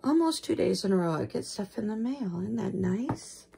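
A woman's voice: mid-range voice, animated, moderate pace, vocal fry, mellow, slight background noise. A woman vlogging about her dolls in rambling, homespun casual chat that gushes with gasps. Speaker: doll collector vlogger.

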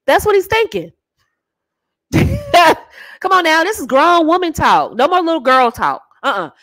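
A woman's voice: very high-pitched, big pitch swings, measured pace, a bit bright, dry recording. A woman hosting a channel as a dating coach, giving sassy, emphatic straight-talking advice and calling the listener baby and honey.

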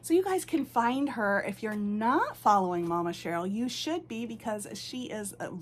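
A woman hosting her doll channel, who gushes with excitement and coos to her dolls. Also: medium pitch, a little hiss or hum. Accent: American. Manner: gushing, excitable, lots of "oh my goodness"; baby talk to her dolls. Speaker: reborn doll channel host. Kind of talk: unboxing vlog chat.

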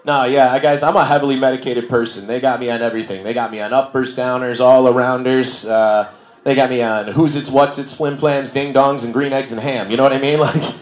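With a steady, mid-range voice and a fairly quick pace, a thirties-aged comedian works a bar room crowd in a loose stand-up set. He's self-deprecating and frequently laughs at his own material, captured with roomy live-venue sound.

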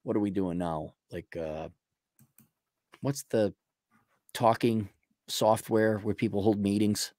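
A man's voice: fairly low pitch, fairly even intonation, slow pace, long pauses, a little mellow, no room sound, studio quality. A man co-hosting a livestream, joking around casually and trailing off as he thinks aloud. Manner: playful, jokey, trails off while thinking. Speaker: livestream co-host.

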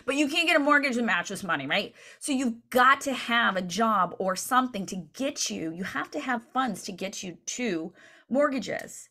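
A woman coaching real estate agents in a training session, energetic and chatty, often checking in with "right?". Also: medium pitch.

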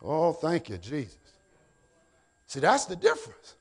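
A male pastor with an American accent preaching a sermon, often shouting and stretching out his words. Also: on the high side, huge pitch swings, slightly rough. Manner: preaching with shouted, drawn-out exhortations. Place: church sanctuary.

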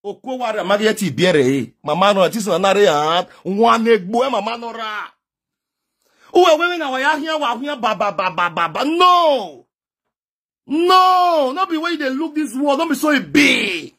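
Husky high-voiced Nigerian man lecturing. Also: very animated, a little slow, pushed and bright. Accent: Nigerian Pidgin English. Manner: emphatic, lecturing, often raises voice. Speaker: social media commentator. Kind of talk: direct-to-camera advice monologue.

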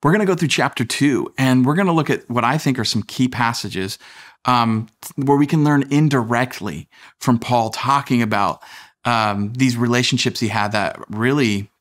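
A man's voice: medium pitch, normal speed, fairly bright tone. A man in his thirties preaching a sermon as pastor, talking conversationally with fillers and asides.

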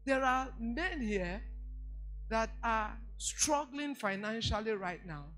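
A woman's voice: on the high side, animated, a bit bright, faint music behind. Emphatic Nigerian woman pastor preaching. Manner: emphatic, repeats key lines slowly, storytelling. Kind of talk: sermon on marriage.

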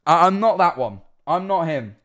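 A man's voice: on the high side, animated, normal speed, fairly bright tone. A young man casually reacting to videos on stream, rambling, swearing freely and laughing often.

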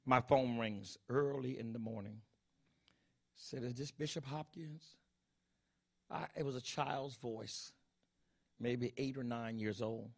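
A man's voice: mid-range voice, steady tone, takes it slowly, creaky. A middle-aged man preaching a sermon as pastor, emphatic and full of rhetorical questions to the congregation.

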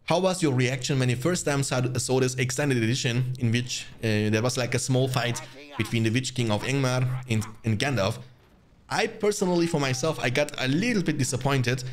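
A young man talks through his strategy game match as he plays it, addressing viewers directly. He is chatty and easily excited. His voice sits at an ordinary middle pitch. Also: moderate pace. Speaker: gaming channel host. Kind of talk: live gameplay commentary.

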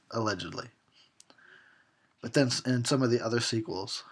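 A man's voice: mid-range voice, moderate pace, pauses often, a bit bright, slightly rough. A man giving a drunken movie commentary, crude and mocking, talking back at the characters and laughing at his own jokes. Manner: talks back at the characters on screen. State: tipsy.

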